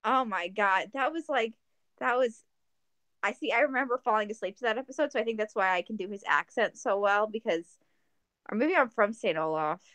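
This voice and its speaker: A woman co-hosting a podcast in casual chat, joking and rambling through plans in an animated way. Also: on the high side, a little fast, no room sound. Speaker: podcast co-host.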